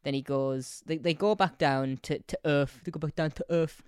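A man's voice: fairly high pitch, steady tone, moderate pace, clean tone, dry recording, clean studio sound. A man co-hosting a casual podcast, talking animatedly, laughing often, repeating words and swearing. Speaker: podcast co-host. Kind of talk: casual chat.

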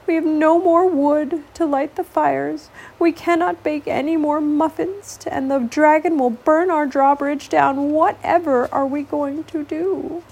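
Brief: heartbroken storybook king-baker, high and wailing, voiced by a woman reader. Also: fairly even intonation, a little slow, gravelly, hardly any pauses, a little mellow. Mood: despairing. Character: despairing old male baker-king, tearful. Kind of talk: storybook read-aloud.

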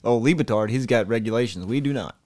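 A man co-hosting a sports podcast, excitable and profane in casual banter. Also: medium pitch, quick pace, no echo, clean studio sound. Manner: excitable, profane, laughs often. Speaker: podcast co-host.

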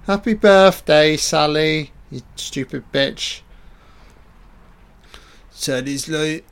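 A man's voice: medium pitch, slow, clean tone. A man giving a casual, profane and sarcastic commentary over a film. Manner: profane, sarcastic riffing on the scenes.

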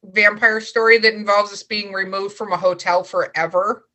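A woman's voice: medium pitch, steady tone, normal speed, bright, forceful tone. A woman hosting a casual panel chat who teases the speakers and laughs easily.

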